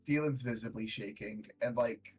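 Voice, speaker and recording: A man's voice: mid-range voice, normal speed, a little mellow, breathy edge, faint music behind, low-quality recording. A man narrating as game master in a tabletop game, loose and full of fillers. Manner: loose, filler-heavy storytelling.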